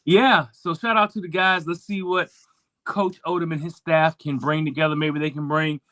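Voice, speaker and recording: A man's voice: fairly high pitch, fairly even intonation, normal speed, a bit bright, no room sound. A man hosting a sports talk show, talking casually with lots of fillers and restarts.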